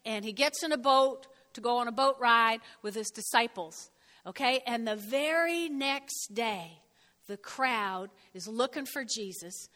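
A woman's voice: a little high, measured pace, sharp tone, in a large hall. A woman reading a Bible passage and explaining it in a conversational way. She often asks "okay?" and acts out the lines she quotes. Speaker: Bible teacher.

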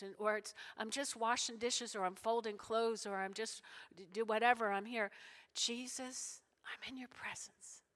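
A middle-aged woman pastor preaching to her congregation, folksy, emotional and dropping into soft whispered prayers. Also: mid-range voice. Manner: folksy, talks to congregation as y'all. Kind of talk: sermon.

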